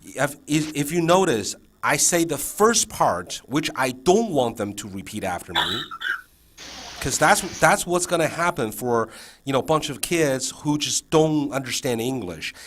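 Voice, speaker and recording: Male trainer, mid-pitch, animated intonation, chatty and coaching, faint background noise. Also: a little slow. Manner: checks in constantly, many fillers and restarts. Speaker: teacher trainer. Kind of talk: casual training session.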